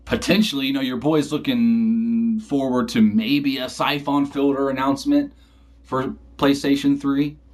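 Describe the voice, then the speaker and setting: A man vlogging casually, telling a joke and then talking games in an animated way. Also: mid-range voice, unhurried. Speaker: gaming vlogger.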